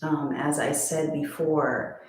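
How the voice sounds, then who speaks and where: A woman yoga teacher giving an unhurried instructional meditation talk, with frequent ums and pauses. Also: sits low, fairly even intonation. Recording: very echoey room, voice from a distance.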